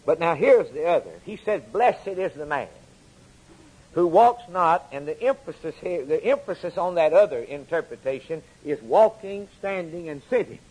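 A man delivers a sermon with a husky, somewhat high voice. He hammers phrases again and again, letting his voice rise for emphasis and then sink low. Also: animated, normal speed, a little mellow, low-quality recording. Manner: repetitive emphatic preaching cadence, rising and falling. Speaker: preacher.

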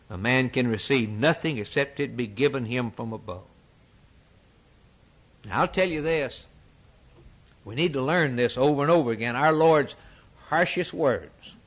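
A man's voice: mid-range voice, fairly bright tone. A male preacher delivering a sermon from the pulpit, emphatic and rhetorical, with folksy turns of phrase.

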